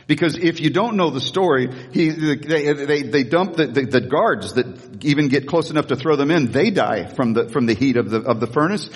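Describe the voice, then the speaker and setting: Animated preaching man in an echoey hall. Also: mid-range voice, husky. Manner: animated preaching, acting out the king with a raised voice and laughing. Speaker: pastor. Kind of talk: sermon.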